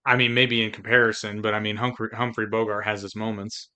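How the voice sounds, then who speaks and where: A man co-hosting a podcast, explaining episode details in a measured, casual way. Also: fairly low pitch, flat delivery, pushed and bright. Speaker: podcast co-host. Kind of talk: casual chat, reading episode notes.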